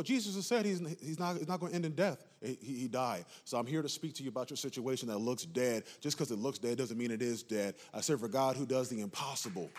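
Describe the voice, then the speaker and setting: Preaching passionately, a pastor with a mid-range, breathy-edged voice builds to emphatic peaks, checking whether the congregation is with him through call-and-response asides.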